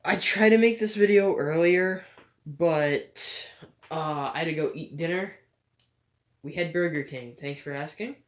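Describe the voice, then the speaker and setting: A woman giving casual gameplay commentary, rambling and hesitant with frequent stutters and a low-energy, halfhearted delivery. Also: unhurried. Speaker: gaming vlogger. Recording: echoey room.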